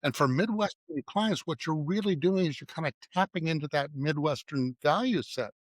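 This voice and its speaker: Pitched on the high side and moving at a moderate pace, this man's voice carries no echo. As a guest in a laid-back interview, the middle-aged advertising writer and creative director tells stories and performs quoted lines of dialogue.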